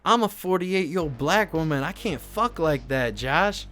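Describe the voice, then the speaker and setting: A man voicing a blunt, sassy woman in her forties who talks loudly and swears a lot. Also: lively intonation, normal speed, faint music behind. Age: 40s. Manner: loud and cussing, high-pitched. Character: brash sassy middle-aged woman, blunt and mocking.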